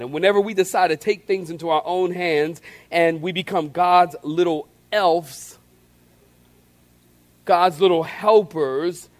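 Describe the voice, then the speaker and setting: A man with a high, light voice preaches a sermon from the pulpit. He is animated and acts out the scenes, and he calls on the congregation to answer back. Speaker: pastor.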